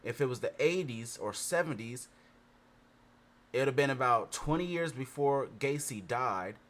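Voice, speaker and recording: A man's voice: mid-range voice, lively intonation, normal speed, fairly bright tone. A man chatting casually, rambling and swearing as he works things out aloud. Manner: rambling, profane, thinks aloud. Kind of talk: casual chat.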